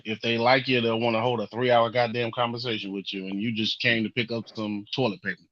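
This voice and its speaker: A man's voice: medium pitch, little pitch movement, quick pace, fairly bright tone, muffled recording. A man co-hosting a live talk stream, laid-back and joking in casual banter. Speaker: podcast co-host.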